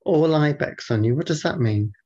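A man co-hosting a podcast, dry and deadpan, grumbling in casual banter. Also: a little high, normal speed, highs cut off. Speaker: podcast co-host.

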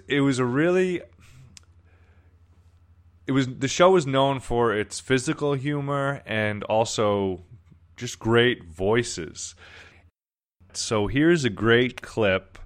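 A man's voice: mid-range voice, clear, resonant tone. A man casually talking about an old sitcom, rambling with many restarts. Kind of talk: casual commentary.

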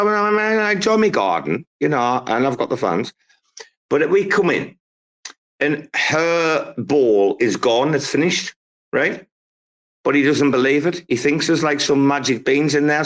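A man's voice: medium pitch, fairly bright tone. A man co-hosting a casual online group chat, rambling and swearing freely as he tells stories and passes the mic. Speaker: co-host of a crypto community talk show.

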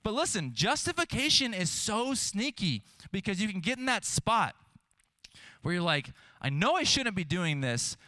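Lively man preaching a casual sermon. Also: sits high, moderate pace, no echo. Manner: conversational, animated, self-deprecating; frequent asides asking the audience "right?". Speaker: pastor. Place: church hall with live audience.

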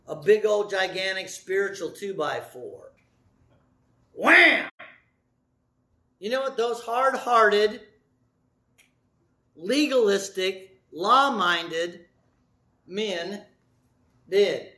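Middle-aged male pastor, sermon; high, ringing voice, theatrical storyteller. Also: slow pace, long pauses. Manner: dramatic storytelling, acting out voices, shifting from loud to soft.

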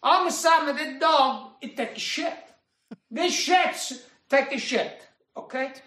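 A man's voice: very high voice, unhurried, bright, forceful tone, reverberant, recorded from a distance. A man with an Italian accent telling a comic story in broken English, often repeating "okay?". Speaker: comedy video creator.

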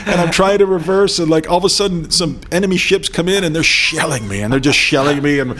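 Fast-talking self-mocking man. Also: on the high side, fairly bright tone. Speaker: co-host. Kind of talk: casual podcast chat.

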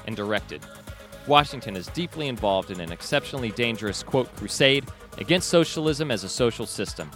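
A man's voice: mid-range voice, fairly bright tone. Man hosting a news commentary podcast. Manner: reads book passages aloud, asides. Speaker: podcast host.

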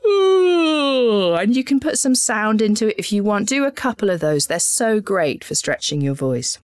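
A woman, calmly guiding listeners through voice warm-up exercises as a voice coach and demonstrating the sounds herself. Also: medium pitch, normal speed, no room sound, clean studio sound. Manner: calm, instructive, demonstrating sounds.

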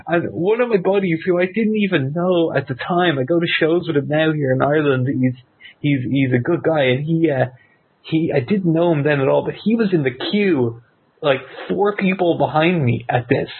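A man telling a long personal story as a podcast guest, rambling and excitable with lots of fillers. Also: a little high, moderate pace, breathy edge. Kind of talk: casual storytelling. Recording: tinny phone-like line.

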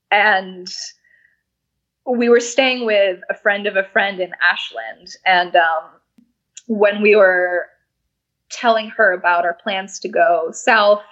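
A young woman from New York City, a hoarse-voiced interview guest talking in a rambling way. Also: mid-range voice, fairly bright tone. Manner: rambling, frequent restarts and laughs. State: losing her voice. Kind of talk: casual interview conversation. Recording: dull lo-fi audio.

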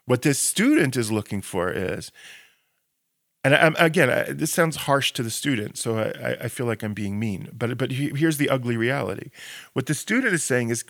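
A man's voice: medium pitch, lively intonation, moderate pace, gravelly, fairly bright tone, no echo, studio quality. Impassioned man arguing on a podcast. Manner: impassioned, argumentative, sarcastic rhetorical questions; frequent restarts and repeated words when building a point. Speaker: Israel educator and podcast co-host. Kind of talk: podcast discussion.

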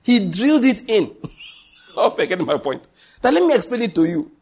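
A man's voice: high voice, very animated, moderate pace, a little mellow, breathy edge. A man preaching a sermon as pastor, emphatic, full of repetition and rhetorical questions.

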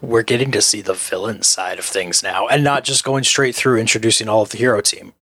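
A man's voice: on the low side, brisk, sharp tone, breathy edge, no echo. A man co-hosting a fan podcast with easygoing, dry humor. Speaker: podcast co-host. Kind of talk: casual podcast chat.

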